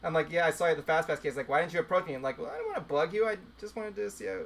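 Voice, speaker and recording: A man's voice: fairly high pitch, lively intonation, racing, creaky, a little hiss or hum. A man co-hosting a casual group podcast, telling a rambling anecdote with many restarts. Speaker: podcast co-host. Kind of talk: casual group chat, storytelling.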